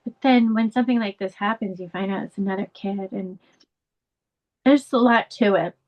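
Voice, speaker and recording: Middle-aged mom being interviewed, earnest and candid, kinda muffled lo-fi audio. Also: female voice, normal speed, darkish tone. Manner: earnest, candid, rising pitch when emotional. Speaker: guest, bereaved mother and advocate. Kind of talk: emotional interview conversation.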